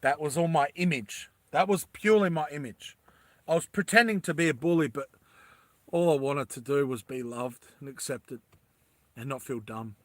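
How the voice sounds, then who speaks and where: Guy chatting to his stream, bright punchy voice, dead dry mic, rambles and laughs a lot. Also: fairly high pitch, normal speed, dry recording. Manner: rambling, laughs often, talks to viewers as guys. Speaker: livestreamer. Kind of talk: casual livestream chat.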